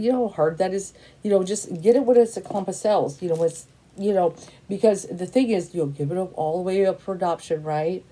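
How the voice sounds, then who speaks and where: A woman's voice: fairly low pitch, brisk, dark tone. A woman in her fifties, a tarot reader, talking in a blunt, casual monologue that keeps repeating itself and is full of "you know" and "and stuff". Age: 50s. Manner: emphatic, repetitive, peppered with "you know" and "and stuff".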